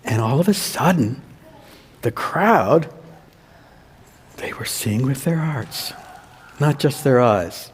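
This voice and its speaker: A man, a pastor, telling a children's sermon as a slow story and asking the children questions. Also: mid-range voice, expressive, breathy edge. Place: church. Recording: long church reverb.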